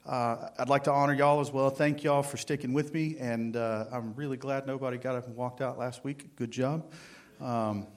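A man preaching to a congregation, his voice sitting at an ordinary middle pitch. He speaks in a folksy, halting manner, leaning on fillers and restarts, and acts out voices when he tells a joke. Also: fairly even intonation. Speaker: guest preacher. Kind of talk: sermon.

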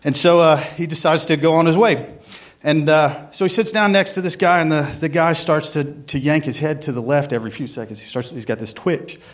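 A man's voice: fairly high pitch, a little fast. A man, a church worship director giving a casual, rambling sermon with prayer and a joke, full of ums and uhs. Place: church sanctuary.

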